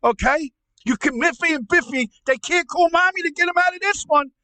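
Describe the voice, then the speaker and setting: A man playing an angry middle-aged uncle in a comedy podcast, ranting loudly, swearing and stammering. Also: very high voice, fairly quick, no echo. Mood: furious ranting. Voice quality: shouty, profane, stammering. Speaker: podcast co-host. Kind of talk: comedic rant.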